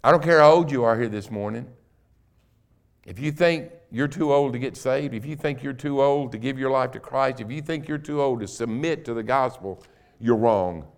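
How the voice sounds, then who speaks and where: A middle-aged man, a guest preacher in a church, telling his own conversion story and building to loud, emphatic preaching. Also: mid-range voice, moderate pace. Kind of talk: sermon. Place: church sanctuary.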